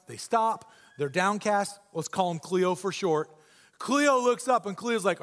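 A man preaching a sermon in church, animated and joking in a conversational way. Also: high voice, measured pace, big-room sound. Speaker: pastor.

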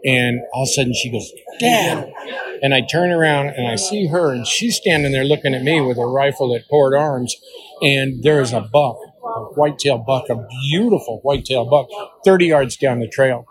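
A man's voice: medium pitch, brisk, low-quality recording. An older man who works as a range master, telling hunting stories in a folksy way during an interview. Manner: folksy storyteller who acts out the voices of people in his stories. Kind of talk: storytelling interview answers.

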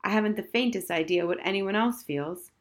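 A woman's voice: medium pitch, fairly quick, natural voice. A woman voicing an airy, absent-minded mother who calls people dear, in a storybook reading. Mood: musing.

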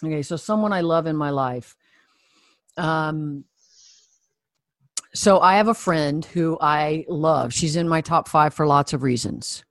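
An earnest, reflective voice that explains a point through a personal story, pausing often to think and letting out soft sighs. The pitch sits in the middle range. The sound is dry and close to the microphone, with no room echo. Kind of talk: conversational teaching with personal story.

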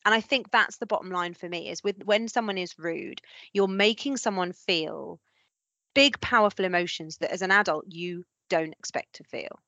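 A woman hosting a podcast, telling a personal story in an earnest, animated way during a frank conversation. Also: on the low side, normal speed, no echo. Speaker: podcast host.

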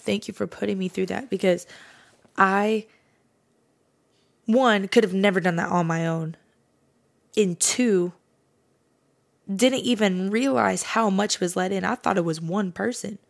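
A woman with a mid-range, creaky voice hosts a podcast and relates her personal testimony of faith. Casual and sincere, she frequently fills her speech with "like."

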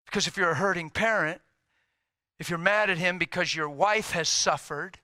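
A middle-aged man preaching a sermon, telling a story and swinging from loud, emphatic lines to hushed whispers. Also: high voice, normal speed, no room sound, clean studio sound.

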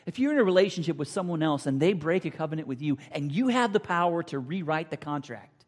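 A man preaching a sermon, emphatic and repetitive, swinging between loud declarations and near whispers. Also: on the high side, animated, fairly quick, hardly any pauses. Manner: emphatic, repeats phrases, drops to near whispers. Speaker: pastor. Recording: long hall reverb.

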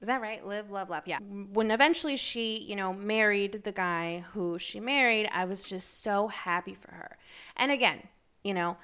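A woman's voice: lowish voice, clear, resonant tone. Chatty woman telling stories on her podcast. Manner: chatty, rambling storytelling with many fillers; bursts of excited, incredulous emphasis. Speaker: podcast host. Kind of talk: casual solo podcast chat.

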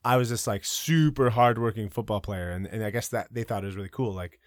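A man telling personal stories as a guest in a casual interview. He talks in an animated way, with a lot of fillers and some casual swearing. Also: fairly low pitch, a little fast, no echo, studio quality. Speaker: podcast guest. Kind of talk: casual storytelling.

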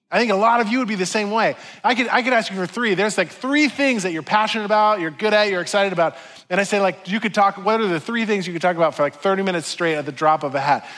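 Male pastor, fairly high voice, laid-back and self-deprecating delivery, conversational sermon. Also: fairly bright tone. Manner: chatty, self-deprecating, many "like"s and asides.

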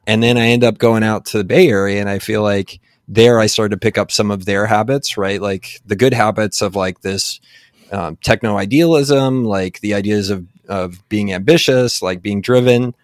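A man's voice: on the low side, steady tone, normal speed, no room sound. Rambling man from Texas, dry sound. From San Antonio, Texas. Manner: rambling, many fillers and restarts. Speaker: guest. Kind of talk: casual conversation.

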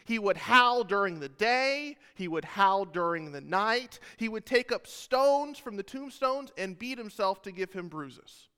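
Male pastor, high clear voice, casual sermon with jokes, long church reverb. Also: expressive, measured pace, few pauses, bright, forceful tone. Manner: casual, joking asides to the congregation. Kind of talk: sermon with scripture retelling.

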